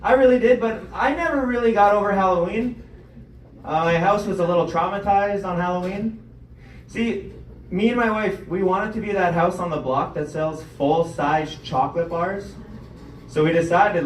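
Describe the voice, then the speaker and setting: A man's voice: high-pitched, reverberant, distant mic, a little hiss or hum, rough recording. A young man hosting a comedy show and doing stand-up, telling self-deprecating stories with acted-out quotes. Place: comedy club stage.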